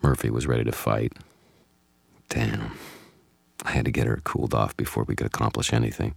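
Brief: male first-person audiobook narrator, wry and measured, dry close sound. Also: a bass voice, flat delivery, creaky, slightly rough, no room sound.

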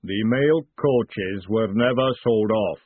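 A man voicing a huge, slow, rumbling male golem servant who speaks flatly and formally. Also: breathy edge, no room sound. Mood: stern. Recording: phone-like dry audiobook sound.

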